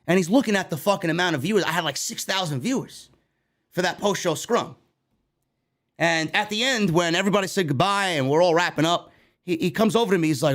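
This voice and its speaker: Heated, swearing wrestling-news host, high voice. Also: male voice, brisk. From New York. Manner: animated, heated, heavy swearing. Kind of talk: profane ranting commentary.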